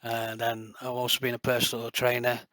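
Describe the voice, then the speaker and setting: A middle-aged man talks straight to camera in a loose, rambling flow, dropping in fillers and boasting with real passion. His pitch stays fairly level and flat throughout. The sound is close and dry, with no room around it. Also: fairly quick, no echo. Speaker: light gun builder and video creator. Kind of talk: casual rambling talk to camera.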